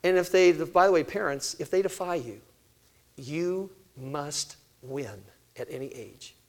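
Older man, fairly high voice, lively sermon-style talk, quizzes the audience. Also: unhurried. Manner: animated, acts out family conversations; asks the audience questions and answers them. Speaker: parenting speaker.

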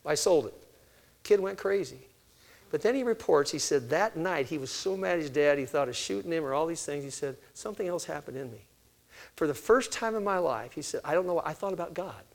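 An older man preaches on raising children in a lively storytelling way, slipping into other voices to act out each exchange. His voice sits a little higher than most men's. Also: a little fast, creaky. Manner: storytelling, acting out quoted exchanges with shifting voice. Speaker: speaker on family ministry. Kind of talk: sermon-style teaching talk.

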